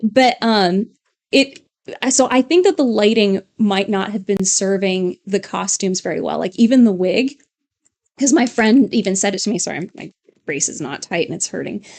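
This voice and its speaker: A woman's voice: mid-range voice, normal speed, creaky, darkish tone. A woman co-hosting a casual live stream from a home studio, rambling and chatty with frequent fillers and laughs. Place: home studio with LED lights.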